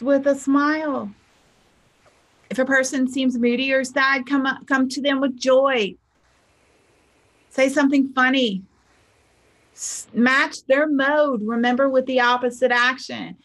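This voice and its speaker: Chatty woman spiritual teacher, higher voice. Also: fairly even intonation, a little slow, fairly bright tone. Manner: chatty storyteller, acts out quotes. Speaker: spiritual teacher and life coach. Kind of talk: motivational talk with client stories.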